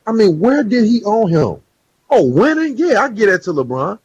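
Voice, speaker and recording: Husky man on a dull, dry mic. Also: sits high, very animated, moderate pace, darkish tone. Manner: argues points, lists stats, slangy. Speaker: podcast co-host. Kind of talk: casual sports chat.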